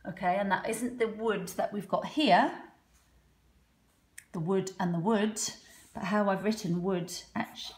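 Slow, patient woman teaching phonics. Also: fairly low pitch, a little mellow. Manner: slow, patient, sounds out letters one by one. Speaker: primary school teacher. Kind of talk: phonics lesson for children. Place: home.

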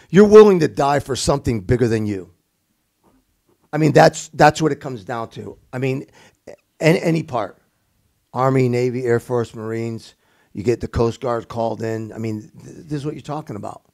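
A man's voice: mid-range voice, moderate pace, creaky, darkish tone. A man in casual conversation who sounds exasperated and keeps repeating himself.

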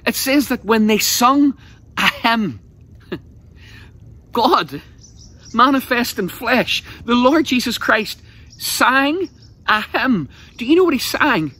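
A man's voice: very high-pitched, expressive, takes it slowly, long pauses, sharp tone. A man preaching an evangelistic sermon, telling the story passionately and vividly.

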